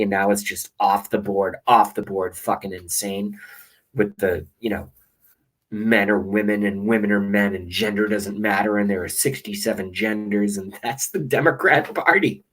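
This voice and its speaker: A man's voice: lowish voice, a bit bright, poor audio. A man delivering a rambling, sarcastic and profane political rant to his webcam as a vlogger. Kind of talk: ranting monologue to camera.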